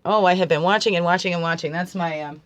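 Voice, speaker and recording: Spiritual guide, woman, gentle musing delivery that swells into emphatic preaching, keeps checking in with "right?". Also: lowish voice, fast. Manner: soft-spoken, musing, often asking "right?"; swings from hushed to emphatic when preaching. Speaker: spiritual guide and card reader. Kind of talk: spiritual card-reading livestream talk.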